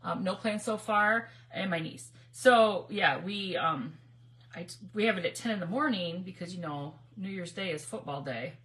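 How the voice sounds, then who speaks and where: A woman's voice: lowish voice, moderate pace, fairly bright tone. A middle-aged woman from Michigan hosting a craft livestream, chatty, laughing often and greeting viewers by name. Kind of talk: casual livestream crafting chat.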